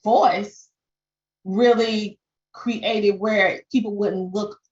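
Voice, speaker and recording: A woman with a strong Southern country twang speaks at a medium pitch, coaching her audience over a live webinar. She talks warmly and directly, often tossing in "okay?" to check on her listeners. The audio sounds a little dull, like a home desk mic on an online call. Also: very slow. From Southern United States. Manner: animated, peppers talk with "okay?". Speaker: podcast coach. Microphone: desk microphone.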